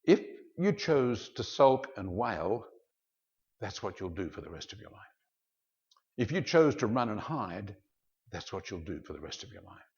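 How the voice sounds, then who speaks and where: Gravelly man preaching. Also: fairly low pitch, measured pace. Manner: animated storyteller, shifts into character voices. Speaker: pastor. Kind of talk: sermon teaching with storytelling. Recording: dull lo-fi sound.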